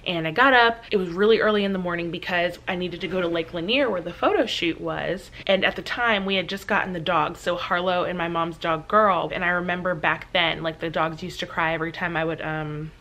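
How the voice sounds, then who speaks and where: A woman vlogger casually telling a story, acting out the quoted lines in a higher voice. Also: brisk, few pauses. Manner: animated, acts out quotes in a higher voice. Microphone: camera on a stand.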